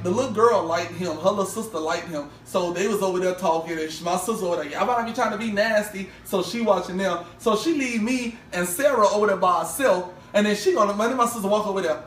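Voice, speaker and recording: A man's voice: high-pitched, slight background noise. A young man co-hosting a casual podcast, telling a long story and acting out every quoted voice. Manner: animated, acts out every quoted voice. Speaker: podcast co-host. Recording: roomy, distant mic with faint ambience.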